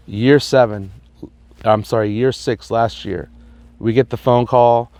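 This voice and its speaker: A man, a high school principal, talking earnestly in an interview and telling stories with playful asides. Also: steady tone, a little slow, a little mellow, dry recording. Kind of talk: reflective interview talk.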